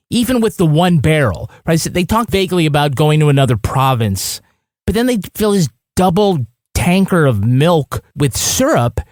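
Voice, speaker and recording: A man's voice: high-pitched, darkish tone, no echo, studio quality. A man hosting a podcast in casual chat, joking and swearing freely. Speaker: podcast host.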